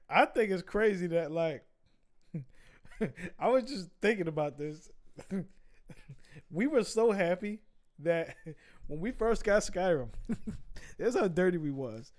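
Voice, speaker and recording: A young man streaming, telling a story in casual chat, laughing often and swearing freely. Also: on the high side. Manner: laughing, animated storytelling with profanity.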